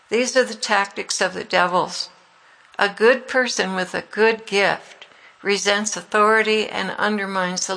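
A woman's voice: medium pitch, gravelly, sharp tone, poor audio. A woman ministry leader giving a sermon-like message to her followers, in an earnest, pleading manner.

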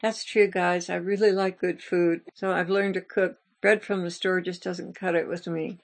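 A woman's voice: fairly low pitch, flat delivery, normal speed. A woman hosting a ministry channel, telling a story in an earnest, confessional way as part of a devotional message. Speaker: ministry host.

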